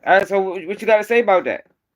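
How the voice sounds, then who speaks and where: A high-pitched man hosts a news commentary channel, delivering heated live-stream commentary very fast with lively intonation. He's confrontational, profane and slangy, and repeats himself.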